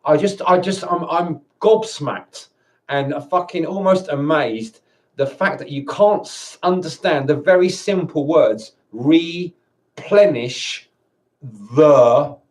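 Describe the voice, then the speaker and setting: A man's voice: a little high, unhurried. Angry, stammering man ranting. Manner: angry, swearing, stammering restarts. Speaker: vlogger.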